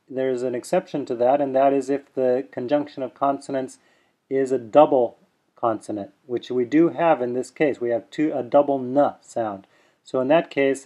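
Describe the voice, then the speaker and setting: A man giving a pronunciation lesson, explaining step by step and demonstrating sounds slowly. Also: mid-range voice, darkish tone. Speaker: teacher.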